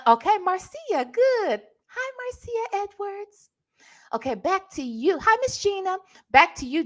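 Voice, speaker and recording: A woman's voice: high-pitched, pushed and bright. A woman hosting a live stream, chatting sassily with viewers and calling them honey and baby. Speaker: livestream host. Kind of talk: casual live-stream gossip chat.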